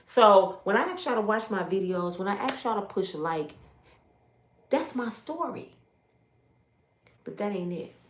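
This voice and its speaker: A woman in her fifties telling her life story as a testimony, acting out the voices of others and swinging from loud exclamations to hushed asides. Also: mid-range voice, unhurried, pauses often, slight background noise. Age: 50s. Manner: animated, acts out others' voices in quotes. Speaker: YouTube storyteller. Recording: roomy echo.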